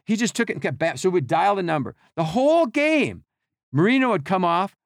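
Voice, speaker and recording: A middle-aged man, a podcast guest, telling animated behind-the-scenes stories and acting out quotes and sounds. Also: sits high, a little fast, creaky, no echo, clean studio sound. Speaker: podcast guest, team equipment worker. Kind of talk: casual storytelling.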